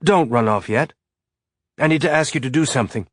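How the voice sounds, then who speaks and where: A man's voice: medium pitch, fairly quick, no echo, studio quality, voice pushed up, natural voice. A man voicing a choked-up grieving father. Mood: choked, tender. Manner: forcing a light, upbeat tone. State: choked up, throat thick. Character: grieving middle-aged father holding back tears. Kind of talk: audiobook character voice.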